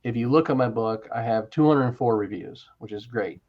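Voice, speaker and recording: A man telling stories in a casual interview, animated, with quick restarts and asides. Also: mid-range voice, dull audio. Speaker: interview guest, author.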